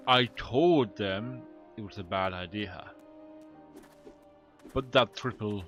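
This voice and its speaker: A man's voice: fairly low pitch, a bit bright. Man playing a wary villager woman, put-on accent, defensive and evasive, game dialogue.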